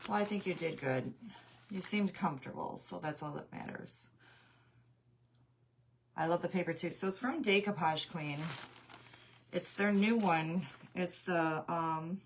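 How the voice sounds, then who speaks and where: A woman's voice: on the low side, a little slow, long pauses, a little hiss or hum. A woman hosting a craft livestream, chatting casually with viewers and greeting them by name while she works, her voice going in and out.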